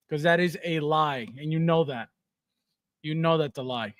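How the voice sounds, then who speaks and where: A man's voice: on the high side, moderate pace, a bit bright, no echo, studio quality. A man hosting a casual livestream, reading viewer comments aloud, laughing often and repeating words for comic effect. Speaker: livestream host.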